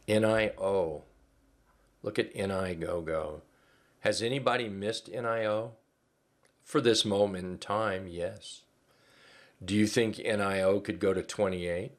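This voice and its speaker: A man with a low, deep voice hosting a live trading webinar. He talks in a folksy, casual way, full of fillers and restarts, and repeats his key phrases to drive them home. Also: steady tone, unhurried, pauses often.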